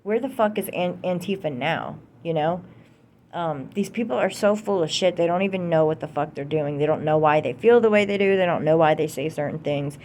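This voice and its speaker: This vlogger is a young American woman whose voice sits low with a darkish tone, and she talks briskly. Her political rant to camera is heated and profane, with repetition for emphasis, and faint hiss or hum runs through the clip.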